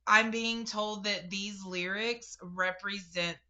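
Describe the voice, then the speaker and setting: A woman's voice: medium pitch, fairly even intonation, slow, bright, forceful tone, highs cut off. A young woman giving a casual spiritual reading to camera, chatty and emotional, talking straight to her viewers. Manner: chatty and emotional, addresses viewers directly, laughs and gasps. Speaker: spiritual reader.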